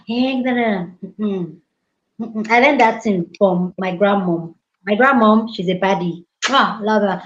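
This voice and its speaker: A woman hosting a casual chat and telling stories in an animated way, slipping into other people's voices as she goes. Her voice sits at a middle pitch. The sound is roomy and a little muffled. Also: moderate pace, slight background noise. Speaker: host. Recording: roomy, slightly dull sound.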